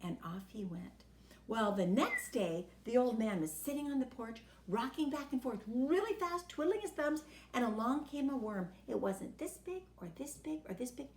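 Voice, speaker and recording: Brief: high, very lively woman reading a kids' tale aloud, echoey room. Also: moderate pace, a little hiss or hum. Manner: animated and expressive. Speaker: storyteller. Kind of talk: telling a children's story.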